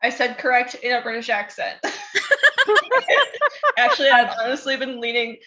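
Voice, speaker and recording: A woman's voice: a little high, huge pitch swings, unhurried, very noisy. Laughing woman game master. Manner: laughs often, casual. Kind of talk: running a tabletop game. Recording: dull lo-fi sound.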